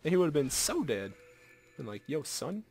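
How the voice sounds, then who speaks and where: A young man giving casual live commentary over his own game, excitable and self-mocking, dropping to mutters and jumping to yelps. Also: on the high side, a little fast. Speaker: gameplay commentator.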